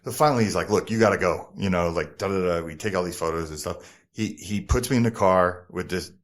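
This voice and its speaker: A middle-aged man with a New Jersey accent tells a story from his past to a podcast host. His voice sits low, and he keeps the story moving with profanity and quick impressions of the people in it. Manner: animated, profane, acts out other people's lines. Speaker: podcast guest, former model. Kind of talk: casual storytelling interview.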